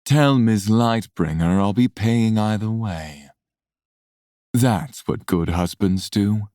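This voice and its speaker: A smug, menacing man , as a woman narrator puts him on, drags out every word in a slow, low drawl. The voice is smooth and resonant, sitting far below her own, and it teases more than it threatens. The sound is dry and close. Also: dark tone, no echo. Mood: teasing. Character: smug, menacing man who speaks into minds.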